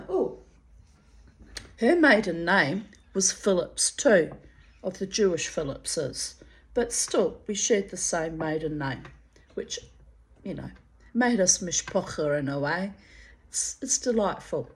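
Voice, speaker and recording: A woman's voice: fairly low pitch, expressive, slow, long pauses. Fond, reminiscent woman reading her memoir. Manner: fond, reminiscent, digressive asides and laughter. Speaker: memoir reader.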